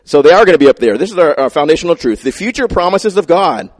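A man's voice: a little high, very animated, fast, few pauses, dry recording, studio quality. A male pastor preaching a sermon in a conversational storytelling way with playful asides.

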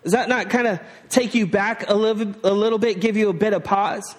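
A man's voice: sits high, steady tone, fairly quick, in a large hall. A man preaching a sermon in a conversational way, asking the listeners rhetorical questions and slipping into slang. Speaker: pastor.

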